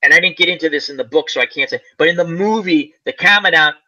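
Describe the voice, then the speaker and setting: A man's voice: fairly high pitch, fast, sharp tone. A man hosting a casual chat, rambling through a movie plot and acting out its lines. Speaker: channel host. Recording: dull lo-fi sound.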